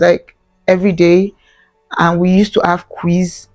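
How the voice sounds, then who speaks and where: A woman's voice: lowish voice, level tone, fairly quick, a little mellow, soft background music. A young adult woman from Nigeria, earnestly telling a personal story on her vlog and repeating phrases for emphasis. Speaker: vlogger.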